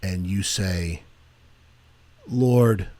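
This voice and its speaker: A man co-hosting a Christian podcast in casual chat, jumping from animated joking to earnest preaching. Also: sits low, very slow. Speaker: podcast co-host.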